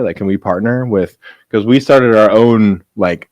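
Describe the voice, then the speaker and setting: Low-voiced man, chatty podcast guest. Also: a little fast, darkish tone, no echo. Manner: filler-heavy, upbeat, lots of "like". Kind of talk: casual chat.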